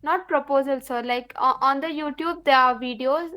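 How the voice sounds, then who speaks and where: A woman's voice: sits high, normal speed, bright, forceful tone, poor audio. A woman asking a question on a video call in an online meeting, politely calling the host sir. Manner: polite, says "sir" often.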